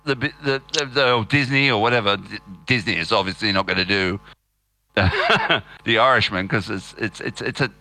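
A man hosting a podcast, chatting in a rambling, animated way. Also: lowish voice, normal speed. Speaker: podcast host. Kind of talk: casual chat.

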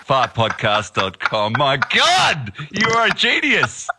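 A man, a podcast co-host, in casual chat, effusive and quick to laugh. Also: on the high side, wildly swooping pitch, pushed and bright, husky, no room sound, soft background music.

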